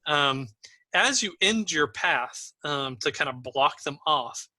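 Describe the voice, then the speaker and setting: A man runs a tabletop game as game master, his voice very bright and a touch high. He talks in an easygoing way with plenty of fillers. The sound is dry and close. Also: animated, slow pace, dry recording, rough recording. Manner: easygoing, with many fillers, still learning the player names.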